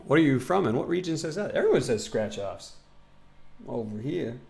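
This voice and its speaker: Goofy gravelly young man streaming. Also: mid-range voice, lively intonation, moderate pace, a little mellow. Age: 20s. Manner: goofy, rambling, reads chat aloud, breaks into silly sing-song bits. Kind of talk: casual live-stream chat while gaming.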